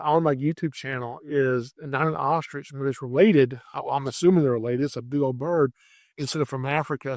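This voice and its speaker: A man telling a rambling animal story in a casual, animated way, stumbling and restarting as he goes. His voice sits a little high. The recording is dry and close, with no room sound. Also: vocal fry, no echo. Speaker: podcast host, wildlife catcher.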